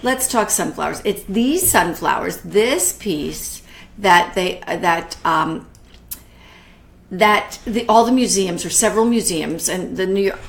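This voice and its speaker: A middle-aged woman hosting a live online art class, chatty and warm with viewers, greeting them by name and often restarting her sentences. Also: lowish voice, expressive, slow. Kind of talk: live-streamed casual art talk.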